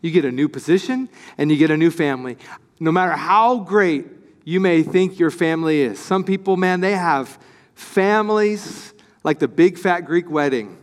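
A male pastor preaching a sermon in an animated, excited way, acting out the voices he quotes. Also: on the high side, normal speed, big-room sound.

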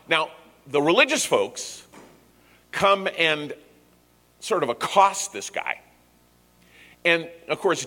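A man preaching a sermon, retelling a scripture story in lively, conversational words. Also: on the high side. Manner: animated storytelling with paraphrased dialogue. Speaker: pastor. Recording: echoey hall reverb.

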